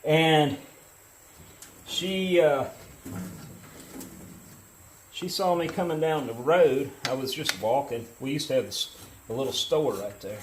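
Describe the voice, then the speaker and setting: A man's voice: a little high, slow, pauses often, low-quality recording. Man, middle-aged, easygoing, chatty how-to talk, workshop, faint noise behind. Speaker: metal casting hobbyist host. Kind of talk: casual how-to narration with storytelling. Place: foundry workshop.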